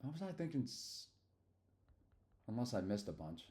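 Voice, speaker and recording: A man's voice: medium pitch, sing-song, moderate pace, warm tone. A middle-aged man from Philadelphia, rambling and slangy in casual livestream chat. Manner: rambling and slangy, loose asides. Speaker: streamer.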